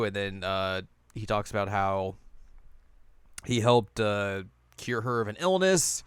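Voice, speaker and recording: A man's voice: lowish voice, a little slow, clear, resonant tone, no room sound, studio quality. A young man hosting a casual chat show, recapping an episode and acting out lines in silly voices. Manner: animated, acts out characters' lines in silly voices. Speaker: podcast host.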